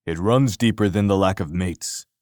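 A man's voice: deep voice, normal speed, a little mellow, no room sound, clean studio sound, lightly acted. A man voicing a weary, earnest male wolf-shifter leader in an audiobook.

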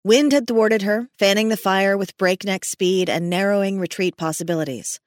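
Narrating an audiobook, a woman keeps a steady, measured storytelling rhythm in her mid-range voice. The recording is dry and the studio sound clean.

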